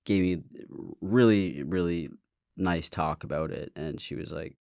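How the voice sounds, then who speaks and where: Guy with a low voice telling a story, candid, swears a lot, trips over his words. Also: measured pace, creaky, darkish tone, no room sound, clean studio sound. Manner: candid, swears freely, stammers and restarts. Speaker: podcast host. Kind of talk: casual storytelling.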